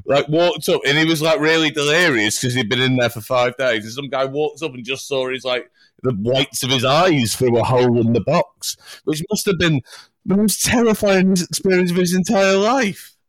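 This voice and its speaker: A man's voice: fairly high pitch, normal speed, a bit bright, no echo. A man co-hosting a podcast, telling stories bluntly with plenty of swearing. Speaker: podcast co-host. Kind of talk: casual chat.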